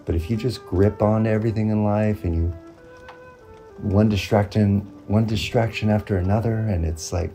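A man giving an earnest motivational monologue, repeating phrases and pausing often. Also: fairly low pitch, steady tone, warm tone, faint music behind. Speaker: motivational vlogger.

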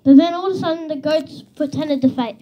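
A woman reading a children's book aloud in an expressive storytelling manner, on a slightly dull recording with faint hiss. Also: sits high, fairly quick. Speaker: reader.

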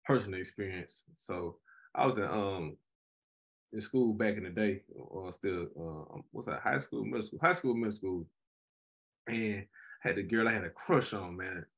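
A young man, a graduate student, co-hosting a casual podcast chat and telling stories animatedly. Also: lowish voice. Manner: animated storyteller, frequent "you know what I'm saying".

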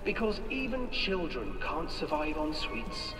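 Brief: male ride narrator, dramatic storybook telling, lively high voice, distant with music under it. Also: a little slow. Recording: echoey, distant, long reverb.

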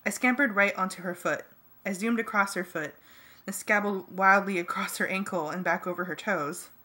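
Woman reading a fan audiobook, bright voice, lively and jokey. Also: medium pitch, normal speed. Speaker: audiobook reader. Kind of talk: first-person fan audiobook narration.

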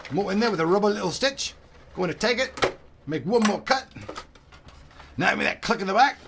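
A man doing a gruff pirate voice in a playful way while unboxing a product, with sound effects between his words. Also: on the high side, fairly bright tone, a little hiss or hum, heavily acted.

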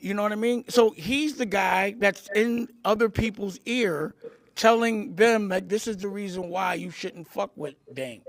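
A man's voice: high-pitched, measured pace. A man being interviewed, speaking emphatically and bluntly, repeating his points and swearing freely. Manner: emphatic, repetitive, blunt, profane. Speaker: interview guest. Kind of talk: candid interview storytelling.

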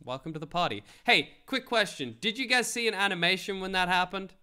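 A man's voice: high-pitched, brisk, smooth. A young man streaming, joking and swearing as he reads web articles aloud. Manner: joking, animated, swears freely. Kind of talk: casual commentary reading web articles.

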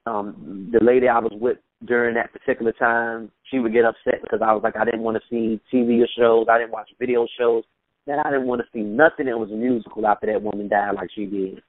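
A man's voice: medium pitch, steady tone, dry recording. Man telling stories over a phone line. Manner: laid-back storytelling, quick laughs, mimics voices in anecdotes. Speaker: interview guest, rapper. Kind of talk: casual recollection over a phone interview. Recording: tinny phone line, dry.

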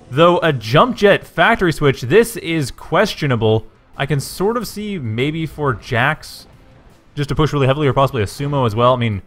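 Chatty male esports caster, morning voice. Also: on the high side. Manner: chatty, self-correcting, excitable at action moments. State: low morning voice after just waking. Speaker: game caster. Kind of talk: esports play-by-play commentary.

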